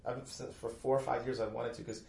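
Animated man telling stories in an echoey room. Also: medium pitch, quick pace, creaky. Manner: animated storyteller, loud put-on family voices. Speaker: podcast guest, comedy writer. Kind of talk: casual chat. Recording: echoey room, faint noise.

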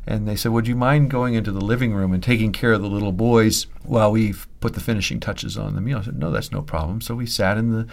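A man from Pennsylvania, a seminary professor and preacher, telling a story in an unhurried podcast conversation with fillers. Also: on the low side, gravelly.

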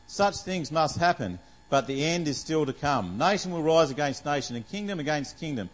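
A man's voice: a little high, animated, normal speed, rough recording. Conversational man preaching. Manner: conversational, asks the congregation questions, many fillers. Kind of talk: sermon.

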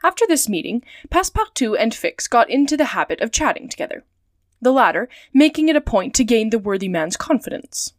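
For her story podcast, a woman reads a classic adventure novel aloud, clear and steady line after line. Her voice is a little high and fairly quick, and the recording sounds close and dry.

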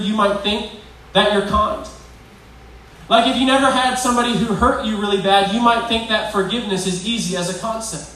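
High-voiced preacher in an echoey hall. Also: male voice, a bit bright, recorded from a distance, a little hiss or hum. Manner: provoking, conversational, asks the crowd questions. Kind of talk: sermon to young people.

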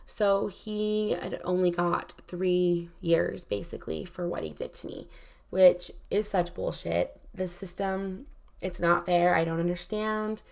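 A woman's voice: on the low side, steady tone, unhurried, creaky, darkish tone. A woman telling a painful personal story in casual, candid speech, full of "like" fillers. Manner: frequent "like" fillers, candid and emotional.

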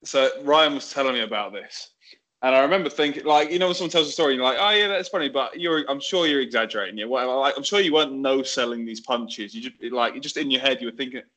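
A man's voice: mid-range voice, quick pace, a bit bright. A man chatting as a guest on a talk show, amused and easygoing. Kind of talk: casual chat.

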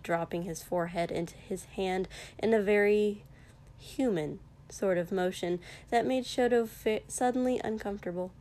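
A woman reading a fan fiction story aloud in a soft, measured narration with occasional small slips. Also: medium pitch.

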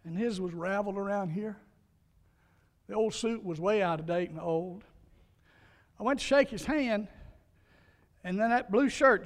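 Pastor guy preaching, fairly high voice, folksy storyteller, echo trailing off in a big church. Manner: folksy storytelling, emphatic repetition. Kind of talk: sermon.

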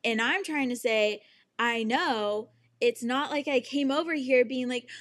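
A woman's voice: a little high, measured pace, a bit bright. A young woman telling a story in a casual monologue, exasperated and swearing freely as she acts out what was said.

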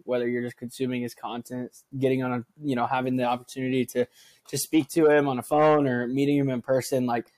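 A young man co-hosts a casual podcast with a voice in the middle range. He tells stories with energy, acting out what people said and swearing freely. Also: medium pitch. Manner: animated storyteller, swears, acts out quotes. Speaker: podcast co-host.

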